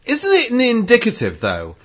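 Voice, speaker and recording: A man's voice: very high voice, wildly swooping pitch, unhurried, fairly bright tone. A man co-hosting a podcast, earnestly arguing a point in casual chat. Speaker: podcast co-host.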